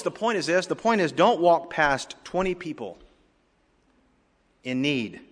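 A male pastor preaching a sermon with emphatic rises and drops in loudness, in a church sanctuary. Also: medium pitch. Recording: long hall reverb.

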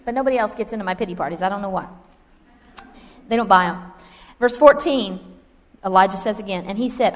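A woman teaching a Bible lesson in a lively, conversational preaching style, with asides to her listeners. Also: medium pitch, brisk, pauses often, big-room sound. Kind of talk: sermon.

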